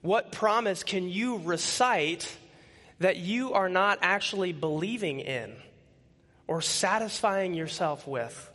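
Bright-voiced man preaching in a reverberant hall. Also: sits high, expressive, slow pace. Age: 30s. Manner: conversational, rhetorical questions with frequent "right?". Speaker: pastor. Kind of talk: conversational sermon.

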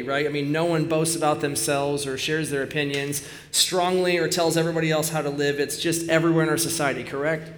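A middle-aged man giving a sermon, joking and telling animated stories, in a hall with some echo. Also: a little high, fast, few pauses, a little hiss or hum. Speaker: speaker at a church service.

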